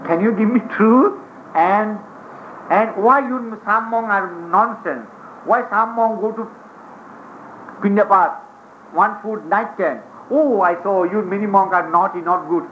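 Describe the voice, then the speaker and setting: A man's voice: high voice, measured pace, a little hiss or hum. Man doing a skeptical Brahmin, insistent and raised, on a dull 1980s tape. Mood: challenging. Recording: muffled 1980s tape recording.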